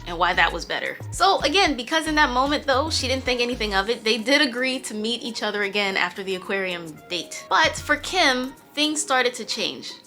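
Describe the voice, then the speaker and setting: Bright-voiced young woman telling a story. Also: fairly high pitch, animated, fairly quick, few pauses, faint music behind. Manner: chatty, joking asides, frequent laughs. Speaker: storytime host. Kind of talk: casual storytelling.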